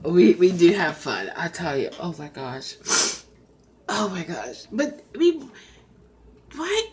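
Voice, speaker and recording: A woman chatting casually on a live stream, reading comments aloud and often breaking into loud laughter. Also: fairly low pitch, big pitch swings, slow. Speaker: rideshare driver vlogger reading live chat.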